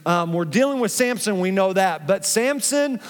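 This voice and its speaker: A male pastor delivers a sermon in a fairly high voice, joking with his congregation as he goes. He is recorded in a church sanctuary with a long hall reverb. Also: animated, normal speed.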